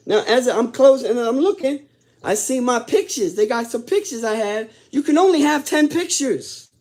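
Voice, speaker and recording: A man casually telling his own story in blunt, profane talk. He drops low and subdued, then climbs loud and worked up as he relives it. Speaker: host telling his own prison stories.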